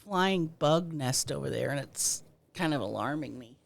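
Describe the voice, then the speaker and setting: A woman co-hosting a podcast in casual comedic chat, delivering dry, deadpan jokes. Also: low-pitched, moderate pace, gravelly. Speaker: podcast co-host.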